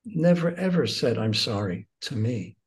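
A man in his sixties, a guest teacher, earnestly telling personal stories in conversation and moving between excited and hushed tones. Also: medium pitch, normal speed.

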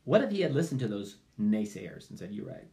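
A man pastor preaches a sermon in an animated way. His voice sits in a middle pitch but moves a lot, rising into loud pleading cries and then dropping to quiet muttered asides. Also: fairly quick.

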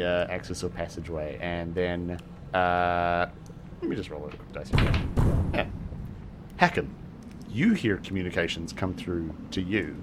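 A man narrating as game master for a tabletop game, halting often with fillers and restarts. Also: sits low. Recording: steady background hiss.

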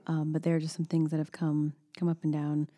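A woman's voice: sits low, monotone, fairly quick, mellow. A woman speaking earnestly and supportively in a candid personal conversation, with frequent restarts. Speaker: co-host.

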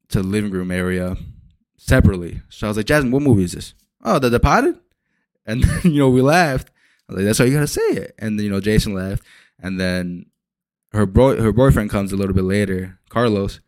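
A young man hosting a solo podcast, rambling and swearing as he retells movie scenes with lively energy. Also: on the low side, no room sound. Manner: rambling, profane, animated retellings. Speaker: podcast host. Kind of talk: casual solo podcast rant.

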